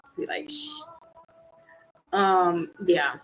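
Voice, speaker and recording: A woman's voice: mid-range voice, lively intonation, unhurried, fairly bright tone, faint music behind, low-quality recording. A middle-aged woman hosting a casual livestream chat, laughing often and acting out quotes in her stories. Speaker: livestream host. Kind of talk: casual chat with live viewers.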